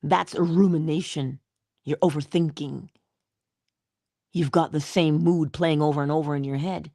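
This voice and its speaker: Middle-aged woman doing a motivational morning talk, low gravelly voice, dry close sound, slow deliberate, asks questions then answers them. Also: mellow, no room sound. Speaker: inspirational speaker.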